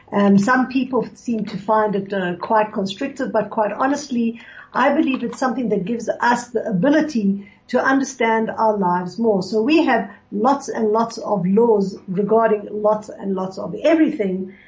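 A woman hosting a radio show talks earnestly about mourning customs in a reflective discussion of religious law, telling a personal story with many fillers and restarts. Her voice is on the high side with a darkish tone, and the recording sounds muffled.

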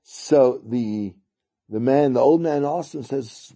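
A man telling a story during a lesson, halting and repeating words as he goes. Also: mid-range voice, warm tone. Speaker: teacher.

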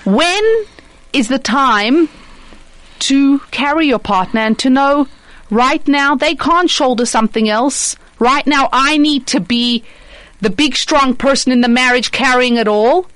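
A woman discussing marriage through religious teaching, expressive and acting out imagined voices. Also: high-pitched, measured pace, no echo, low-quality recording.

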